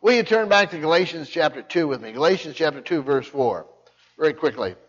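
A man's voice: animated, brisk, husky. An older man preaching a sermon, emphatic, often repeating words and restarting his sentences. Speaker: pastor. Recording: muffled low-fidelity recording.

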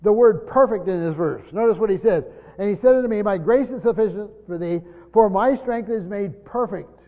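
Man teaching scripture in an echoing hall. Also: sits high. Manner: emphatic, swinging between loud stresses and quiet asides. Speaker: pastor teaching a Bible study. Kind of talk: expository Bible teaching. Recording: dull lo-fi sound in a large echoing hall.

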